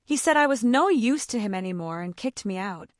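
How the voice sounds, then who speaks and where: A woman's voice: medium pitch, expressive, fairly quick, no room sound, studio quality, natural voice. A woman voicing a tired, sad old male dog in a storybook, speaking with a mournful sigh. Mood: weary. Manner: sighing, mournful.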